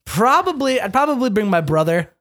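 A young man co-hosting a casual podcast chat, animated and acting out quotes in shifting voices. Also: high voice, a little fast. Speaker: podcast co-host.

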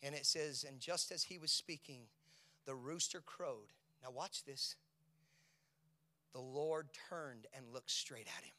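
A male preacher giving a sermon, asking his listeners questions and moving between hushed whispers and loud, shouted peaks. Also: mid-range voice, slow. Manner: asks the congregation rhetorical questions.

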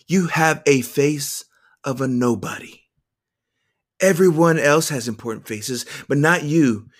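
A man's voice: on the high side, unhurried, pitched above the performer's own voice. A man voicing his younger self as a sad boy of eight or nine who criticizes himself.

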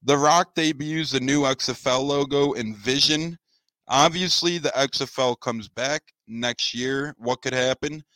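A man co-hosts a casual wrestling podcast with mid-range pitch. He runs through news items in a joking, teasing way. The sound is dry and close. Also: a little slow, pushed and bright, no echo, rough recording. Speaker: co-host.

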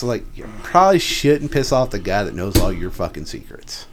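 A man's voice: lowish voice, very animated, moderate pace, hardly any pauses, noisy background. Blunt, cursing man venting. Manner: blunt and profane, venting about work. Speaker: podcast co-host. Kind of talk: casual chat.

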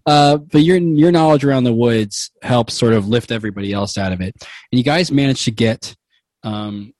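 A man's voice: mid-range voice, normal speed, a little mellow, dry recording. A man running a comedic tabletop game as game master, rambling with fillers and frequent giggles.

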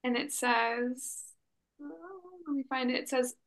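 Casting: higher, bright woman with vocal fry, playful and self-mocking. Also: slow. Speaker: podcast co-host. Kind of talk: casual podcast chat.

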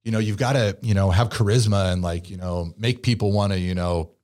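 A man's voice: on the low side, brisk, darkish tone. A young adult man from the Bay Area with a Californian accent, an actor chatting casually in an interview and peppering his talk with "like" and "you know". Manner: laid-back, heavy use of "like" and "you know". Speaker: actor guest.

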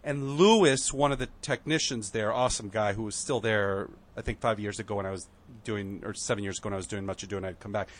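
A man telling a story on a podcast, acting out the quotes with lively shifts and growing emotional at moments. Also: lowish voice, quick pace. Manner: animated, acts out quotes, emotional at times. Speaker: guest.

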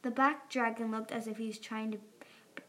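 A woman reading a children's fantasy book aloud, expressive, doing character voices. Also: a little high, fairly quick, slight background noise. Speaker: audiobook reader. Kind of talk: amateur audiobook narration.

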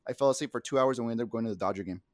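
A man's voice: medium pitch, very fast, dry recording, clean studio sound. A young man co-hosting a podcast, telling a rambling, profane story with lots of acted-out quotes in casual chat. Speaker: podcast co-host.

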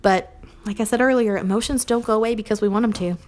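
A fast-talking young woman with a slightly high, steady voice, she is a Montessori teacher reflecting earnestly on teaching in a recorded talk. Now and then she dramatizes brief quotes.

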